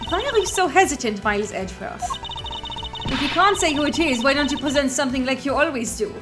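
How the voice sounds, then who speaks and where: A woman's voice: high-pitched, animated, brisk, pitched above the performer's own voice. A woman voicing a cocky, swaggering male agent with a put-on Southern US accent, reading game dialogue over music. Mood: cocky taunting. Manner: teasing, brash, drawling.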